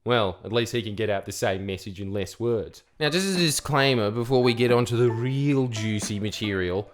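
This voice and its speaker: A man's voice: lowish voice, normal speed, soft background music. A man giving sarcastic comedic commentary while reading bad online reviews aloud, with mocking voices for the quotes.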